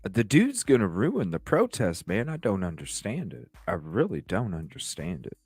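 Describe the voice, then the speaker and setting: A man hosting a livestream, telling stories in a rambling, profane, animated way. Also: sits low, normal speed, breathy edge, no room sound, faint music behind. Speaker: livestream host. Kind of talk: casual livestream talk.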